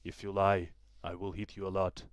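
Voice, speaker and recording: Brief: harsh shouting father, deep and dry, read by a man. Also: expressive, brisk, no echo. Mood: stern. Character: stern angry farm father.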